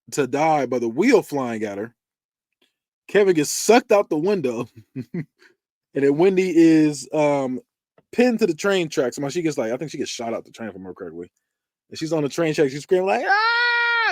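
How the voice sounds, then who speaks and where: A podcast host with a fairly high voice casually runs through movie death scenes, acting out lines and screams and laughing often. He sounds animated, and the studio-quality recording has no echo.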